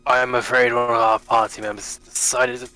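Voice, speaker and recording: A man's voice: mid-range voice, level tone, brisk, sharp tone, lightly acted. A man voicing a courteous adventurer with a mock Scottish accent, a little flustered. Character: polite adventurer man with a put-on Scots lilt.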